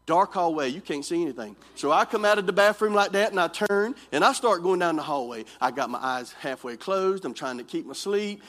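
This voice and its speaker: High-voiced preacher man. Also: fairly quick, few pauses. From North Carolina, US. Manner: animated, repetitive, acts out scenes. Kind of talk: storytelling sermon to young people.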